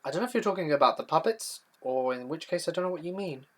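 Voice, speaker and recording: A man's voice: on the high side, animated, quick pace. A young man with a southern English accent, hosting a casual livestream, telling a spooky story and answering chat in a rambling, self-correcting way. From south-east England. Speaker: livestream host.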